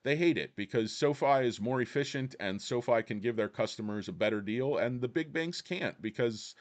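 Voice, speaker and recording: A man's voice: medium pitch, animated, moderate pace. A man hosting a stock-market livestream, ranting in a sarcastic, crude way. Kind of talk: casual livestream rant.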